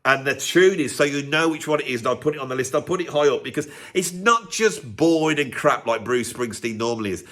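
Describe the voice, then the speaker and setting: Man, mock-pompous video host, sarcastic rant, high-pitched voice. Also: bright, forceful tone. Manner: mock-pompous, self-mocking, exasperated. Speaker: YouTube host and professional drummer. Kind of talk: sarcastic comedic rant to camera.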